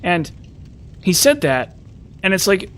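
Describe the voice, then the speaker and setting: A man's voice: high-pitched, big pitch swings, takes it slowly. A man from the western United States in a rambling casual chat, full of fillers and restarts. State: frazzled. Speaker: streamer.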